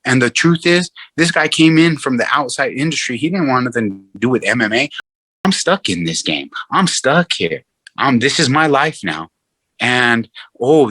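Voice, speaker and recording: A man's voice: mid-range voice, normal speed, no room sound. A man who is a guest fighter in casual chat, talking emphatically and repeating himself for stress. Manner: emphatic, repetitive, animated delivery.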